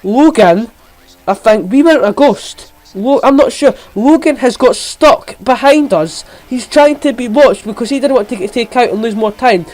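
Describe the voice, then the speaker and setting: Male gamer, very high pitch, excitable race-style play-by-play. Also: low-quality recording. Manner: rapid, excitable, jumps in pitch at key moments. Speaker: gamer commentating his own racing game.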